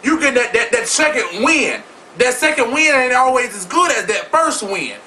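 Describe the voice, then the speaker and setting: A vlog host with a very high, sharply bright voice speaks straight to his viewers, ranting about celebrity gossip in a sassy, flamboyant, profane manner. He's expressive and talks at a normal speed. Recorded from a distance, a little back from the mic, the poor audio has a faint room hum.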